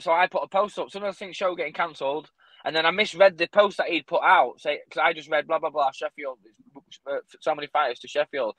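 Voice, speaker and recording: A man's voice: a little high, fairly bright tone, no room sound, poor audio. A man who fights, in a casual chat, blunt and swearing often with frequent laughs.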